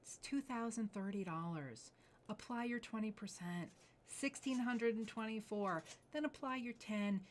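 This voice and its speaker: A woman hosting a live jewelry sale, gushing over each piece and often dropping to breathy near-whispers as she admires it. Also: on the high side, measured pace, a little hiss or hum. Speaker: jewelry sales host. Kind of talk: live shopping presentation.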